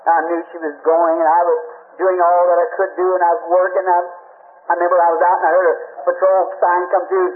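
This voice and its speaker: A man's voice: high-pitched, completely flat delivery, fast. A man, a preacher telling a personal story in a sermon, acting out the dialogue and repeating himself as feelings rise. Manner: emotional, acts out dialogue, repeats words. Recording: old tinny phone-like recording with faint hiss.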